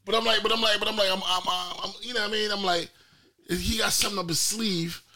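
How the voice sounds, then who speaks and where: A man's voice: sits high, steady tone, quick pace, sharp tone, soft background music. A man co-hosting a podcast in casual banter, repeating catchphrases and laughing often. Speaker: podcast co-host.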